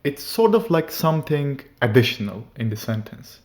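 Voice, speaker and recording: A man teaching grammar, explaining sentence structure step by step and reading out example sentences slowly and carefully. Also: medium pitch, very animated, a little mellow. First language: German. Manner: slow, deliberate, reads German examples carefully. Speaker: language teacher.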